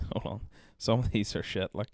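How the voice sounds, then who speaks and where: This man, hosting a podcast, has a slightly mellow voice on the low side, speaking at a moderate pace with a steady tone. The clean studio recording has no echo, and in his casual chat with a guest he laughs, swears and mocks himself a lot.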